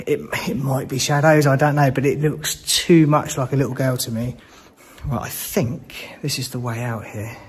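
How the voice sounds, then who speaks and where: A man's voice: medium pitch, fairly even intonation, moderate pace, husky. A man exploring an abandoned hospital on his own, talking to his viewers in jumpy, nervous bursts and swearing whenever something startles him. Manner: jumpy, swearing, breathless exclamations when startled. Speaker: urban explorer. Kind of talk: nervous first-person exploration commentary. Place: large abandoned hospital, indoors.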